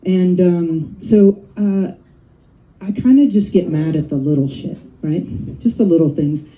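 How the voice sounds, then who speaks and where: On a comedy club stage, a middle-aged woman performs her first stand-up set, chatty and profane, often tagging lines with "right?" and "you know." Her voice is fairly low and dark and a little slow, and the audio is poor. The audience laughs and cheers in the background.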